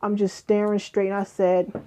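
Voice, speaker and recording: A young adult woman casually retelling a story, animated and profane, acting out what everyone said. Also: medium pitch, moderate pace. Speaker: vlogger.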